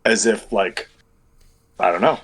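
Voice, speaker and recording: A man's voice: on the low side, measured pace, a bit bright, breathy edge, poor audio. A man running a tabletop game as game master over an online call, rambling and thinking aloud as he works out dice math.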